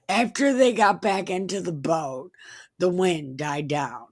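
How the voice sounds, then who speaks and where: A woman giving an irreverent comedic Bible reading, mixing deadpan recitation with crude joking asides. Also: on the low side, takes it slowly, slightly rough, no echo. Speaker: comedic scripture reader.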